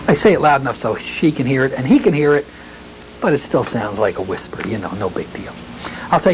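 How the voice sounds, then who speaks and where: Guy teaching hypnosis, folksy, goes slow and soothing for the demo bits, muffled old tape. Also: mid-range voice, lively intonation. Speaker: hypnotherapy instructor. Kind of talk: recorded training lecture. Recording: dull lo-fi tape with faint hiss.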